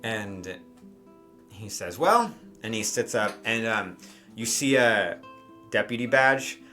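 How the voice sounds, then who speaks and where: A man's voice: lowish voice, fairly even intonation, slow, pushed and bright, soft background music. A man running a tabletop role-playing game as game master, narrating loosely and using many fillers like "um" and "like".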